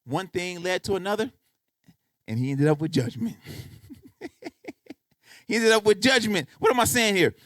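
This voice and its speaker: A man's voice: high voice, animated, moderate pace, long pauses, a bit bright, no room sound. A man preaching a sermon as pastor, talking straight to the congregation and pressing his points with repeated questions. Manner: emphatic, repeats "guess what" to drive points home; conversational preaching, addresses congregation directly. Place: church.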